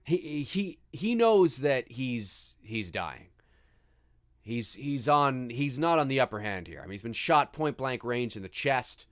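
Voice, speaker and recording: A man's voice: mid-range voice, sing-song, a little slow. A man hosting a live movie commentary stream, talking in a rambling, easygoing way and swearing freely.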